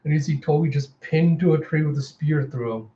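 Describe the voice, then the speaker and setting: A mellow-voiced man walks through a comic book aloud, retelling the story in an animated way. He fills his speech with lots of casual filler words, and the home recording sounds a little dull. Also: fairly high pitch, brisk. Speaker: comic reviewer.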